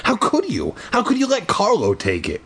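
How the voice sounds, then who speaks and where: A man voicing a panicky young girl with a high, shrieking, overdramatic voice in a comedic read-aloud of a kids' book. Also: sing-song, unhurried, a bit bright, husky, exaggerated voice. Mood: indignant. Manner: overdramatic, yelping. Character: panicky young girl narrator, shrill and frantic.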